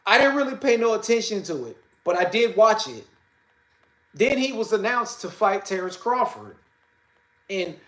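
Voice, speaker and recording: A man hosting a casual boxing livestream, talking haltingly with many fillers and restarts and greeting viewers by name. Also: high-pitched, fairly bright tone, echoey room, low-quality recording. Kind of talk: casual live-stream talk.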